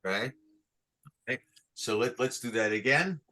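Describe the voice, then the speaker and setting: A man's voice: mid-range voice, animated, a little slow, pushed and bright. A man teaching Torah cantillation online, patiently explaining each sign and singing short chant examples for the class to repeat.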